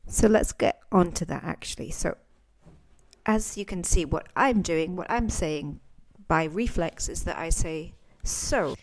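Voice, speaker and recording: A woman teaching English phrases in a chatty podcast lesson, acting out sample lines with lively intonation. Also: lowish voice, measured pace, a little hiss or hum.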